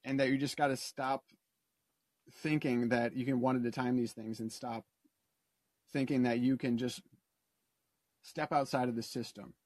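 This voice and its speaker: Male caller, worked up and rambling, mid-pitch, dry sound. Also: steady tone, normal speed, long pauses, a little mellow, no room sound. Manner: passionate, rambling, loses his train of thought. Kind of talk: casual call-in rant.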